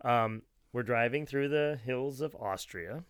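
A man's voice: mid-range voice, unhurried, clear, resonant tone, no echo, studio quality. A middle-aged man telling a long rambling anecdote in casual chat, often restarting and laughing.

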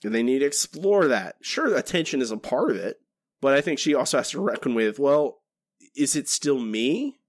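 A man's voice: mid-range voice, brisk, no echo. A man co-hosting a podcast, talking casually and rambling with frequent restarts. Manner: rambling, many restarts, animated. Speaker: podcast co-host.

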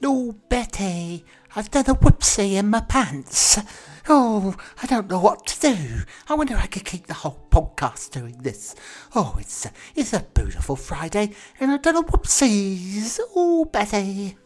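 A British man imitating a hapless, accident-prone 1970s British simpleton in a high, quavering, whiny voice. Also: big pitch swings, measured pace, darkish tone, full character voice. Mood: flustered.

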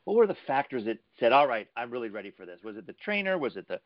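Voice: mid-range voice, very animated, fast, no echo, dull audio. A podcast host who asks rambling, multi-part questions and gives short affirmations. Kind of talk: interview questions.

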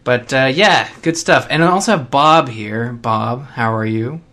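A man's voice: medium pitch, unhurried, bright, forceful tone. A man hosting a podcast in a playful, jokey casual chat. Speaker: podcast host.

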